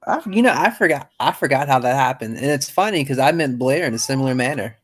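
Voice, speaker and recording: A man's voice: mid-range voice, expressive, fast, poor audio. A man who teaches, talking casually as a podcast guest in a chatty, easygoing, modest way.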